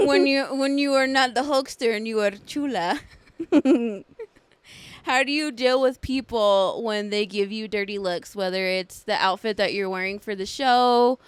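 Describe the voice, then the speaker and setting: High-voiced young woman, teasing and crude. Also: unhurried, smooth, no room sound. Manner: teasing, crude, dry jokes. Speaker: podcast co-host. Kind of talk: casual chat.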